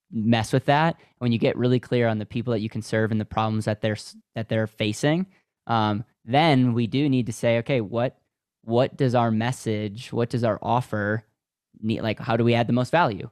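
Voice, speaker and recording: A man's voice: mid-range voice, steady tone, normal speed, darkish tone, clean tone, no room sound, studio quality. Enthusiastic American man hosting. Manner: enthusiastic, motivational, restarts often. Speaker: podcast host. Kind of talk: podcast interview.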